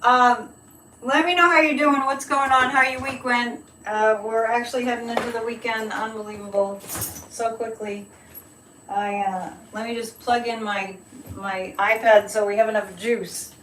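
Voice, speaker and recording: Slow-talking bright-voiced woman host. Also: fairly high pitch, little pitch movement, distant mic, slight background noise. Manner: chatty, rambling, opinionated, reads viewer comments. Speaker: psychic livestream host. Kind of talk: casual live-stream chat. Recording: echoey room, voice a bit off-mic.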